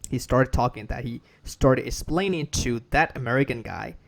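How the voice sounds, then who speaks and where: A man's voice: mid-range voice, moderate pace, gravelly. A man with a Burmese accent giving a casual spoken English lesson, repeating and restarting phrases and drilling words for listeners to copy. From Myanmar. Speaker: English teacher.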